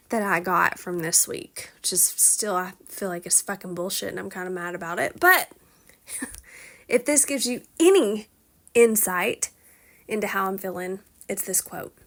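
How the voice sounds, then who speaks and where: A woman's voice: medium pitch, takes it slowly, a bit bright. A woman hosting her own podcast in a candid, confessional monologue, swearing freely and laughing between thoughts. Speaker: podcast host.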